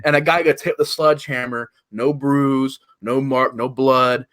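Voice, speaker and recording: A man in a casual movie review chat, excitable, laughing and mimicking characters. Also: mid-range voice, normal speed, no echo, clean studio sound. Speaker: podcast guest.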